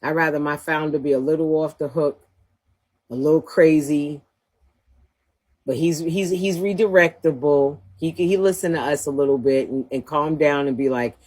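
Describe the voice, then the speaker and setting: A woman's voice: sits low, normal speed, darkish tone, breathy edge. A woman hosting a livestream, talking bluntly and profanely in a trash-talking rant, breaking into laughter often. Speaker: livestream host.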